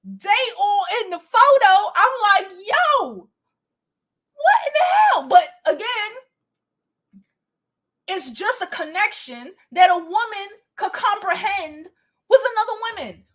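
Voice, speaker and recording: A young woman with a high voice hosts a casual livestream gossip show. She talks in an animated way, laughs a lot and swears freely as she chats with her viewers. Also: measured pace. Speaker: gossip and advice show host.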